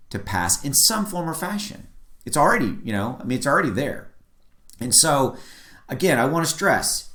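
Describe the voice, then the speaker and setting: A man's voice: mid-range voice, a bit bright. A man hosting his own video, giving a casual, earnest opinion talk, emphatic and repetitive with frequent restarts. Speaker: crypto video host. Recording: echoey room.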